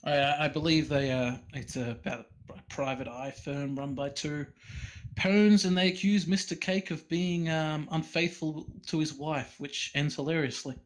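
A man's voice: fairly high pitch, fairly even intonation, a little slow. A man co-hosting a casual podcast, talking in a stammering, self-interrupting way. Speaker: podcast co-host. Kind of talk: casual chat.

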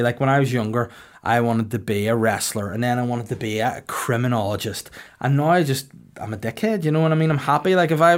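Northern Irish man, crude deadpan jokes. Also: mid-range voice. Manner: crude, deadpan comic storytelling. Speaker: podcast host. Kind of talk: casual comedic podcast chat.

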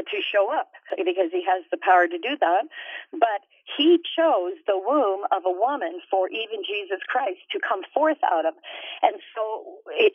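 A woman's voice: mid-range voice, no room sound. Earnest woman on a tinny line. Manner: earnest and reflective, with many fillers. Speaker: guest, author and minister. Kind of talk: faith-based interview talk. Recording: dry, tinny phone-like sound.

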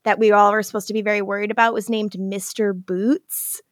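A woman's voice: medium pitch, level tone, fairly quick, dry recording, studio quality. A woman co-hosting a podcast in casual chat, laughing often and swearing as she retells scenes. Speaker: podcast co-host.

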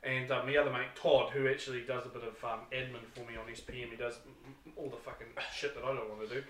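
A man's voice: mid-range voice, level tone, fast, slight background noise. Profane New Zealand man telling crude stories. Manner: profane, rowdy, loud acted-out exclamations. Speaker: podcast co-host. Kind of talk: crude casual storytelling. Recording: echoey room, mic at a distance.

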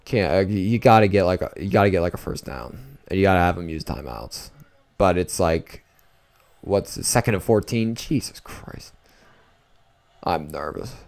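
A man podcasting alone, reacting casually to a live football game as he watches, rambling and excitable, dropping to nervous mutters and jumping to outbursts. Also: sits low, moderate pace. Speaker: solo podcaster. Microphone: talking into a microphone at home late at night.

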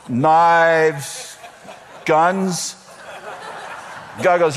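A man's voice: high voice, takes it slowly, pauses often, big-room sound, slight background noise. A man preaching a sermon, telling comic stories and acting out the voices of the people in them. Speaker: pastor.

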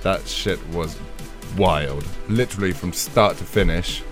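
A British man with a low, deep voice talks casually as a guest producer. He laughs often and swears freely. Faint music plays underneath. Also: measured pace. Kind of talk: casual interview chat.

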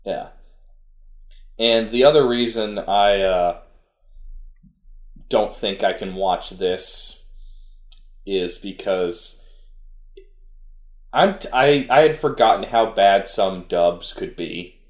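A man's voice: fairly low pitch, takes it slowly, pauses often, reverberant. A man co-hosting a podcast, chatting casually about an anime he tried to watch, rambling and restarting his sentences. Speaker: podcast co-host. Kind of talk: casual chat reviewing an anime.

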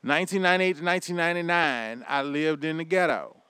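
A man's voice: fairly high pitch, fast, sharp tone, smooth, no echo. A man in his thirties delivering a heated, profane, preachy rant straight to his audience. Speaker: vlogger.

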